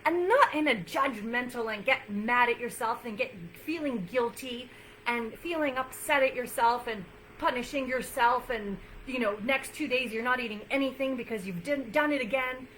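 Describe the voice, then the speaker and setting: A woman's voice: on the high side, normal speed, a bit bright, a little hiss or hum, poor audio. A woman nutrition coach talking casually to her viewers in an earnest, encouraging way, repeating phrases for emphasis and using plenty of fillers. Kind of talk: casual talk to camera.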